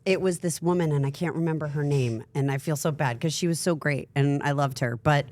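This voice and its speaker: Lower-voiced woman host, dry close mic. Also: fairly quick, darkish tone, no echo. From New England. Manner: chatty, self-deprecating, easily laughing. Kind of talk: casual chat.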